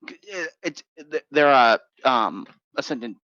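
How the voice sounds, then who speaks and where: A man's voice: medium pitch, animated, measured pace, sharp tone, dry recording. A man playing a tabletop game, stammering and rambling as he thinks aloud. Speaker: player. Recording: dull, dry lo-fi audio.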